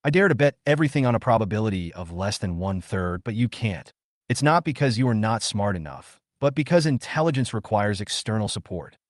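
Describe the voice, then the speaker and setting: A man voicing a calm, smug young man in glasses who lectures in an even, measured way, in a read-aloud comic story. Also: on the low side, no room sound, studio quality, natural voice. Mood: lecturing.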